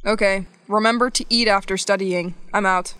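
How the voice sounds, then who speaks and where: A woman reading scripted English practice dialogues for learners, slow and evenly paced. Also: medium pitch, steady tone, pushed and bright, clean tone, no echo. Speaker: English lesson narrator.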